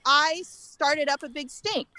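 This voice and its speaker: High bright-voiced indignant woman. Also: slow, low-quality recording. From California. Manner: animated, indignant, acts out quoted exchanges. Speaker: guest. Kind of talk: casual interview storytelling.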